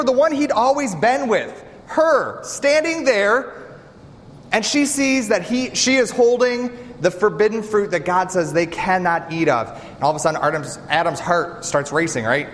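A man preaching a sermon, animated and direct, often asking the congregation rhetorical questions. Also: sits high, slight background noise. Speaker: pastor. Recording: reverberant hall with faint ambience.

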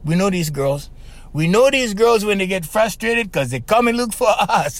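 Podcast guy giving dating advice, kinda high voice, super animated, keeps saying okay and right. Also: normal speed. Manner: lively, emphatic, repeats "okay" and "right". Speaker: podcast host. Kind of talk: casual advice monologue.

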